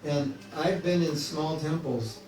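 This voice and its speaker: A man gives a relaxed, joking spiritual class, often acting out inner voices, in a slightly high, darkish voice at a slow pace. The recording has room echo and faint hiss from a faraway mic.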